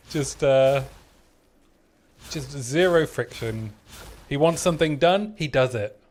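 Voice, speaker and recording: A man streaming a game in casual chat, relaxed, reading chat aloud and replying. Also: fairly high pitch, slow pace.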